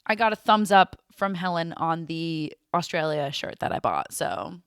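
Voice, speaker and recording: A woman's voice: lowish voice, normal speed, smooth, no room sound, studio quality. A young woman co-hosting a podcast, chatting casually and rambling, laughing often. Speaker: podcast co-host. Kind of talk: casual chat.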